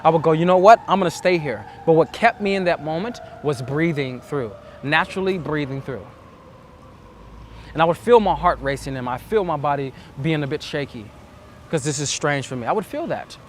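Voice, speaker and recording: A man's voice: fairly high pitch, lively intonation, normal speed, a little hiss or hum. A man giving earnest, reflective dating advice as a coach, acting out the self-talk he describes. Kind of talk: instructional monologue.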